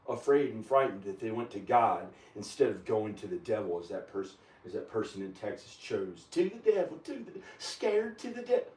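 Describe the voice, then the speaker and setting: Low-voiced man rambling in an echoey room. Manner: rambling, agitated. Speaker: video maker. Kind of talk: rambling monologue. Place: at home, kitchen. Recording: echoey room, camera far from the mouth.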